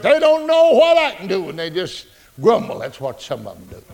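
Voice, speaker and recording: A male pastor preaching a folksy, joking, animated sermon. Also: extremely high pitch, fairly quick.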